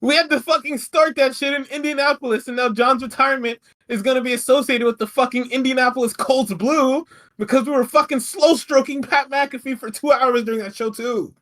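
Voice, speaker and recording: A man's voice: extremely high pitch, steady tone, brisk, fairly bright tone. A man co-hosting a podcast, recapping wrestling in a casual, profane, rambling way with frequent laughs. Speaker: podcast co-host.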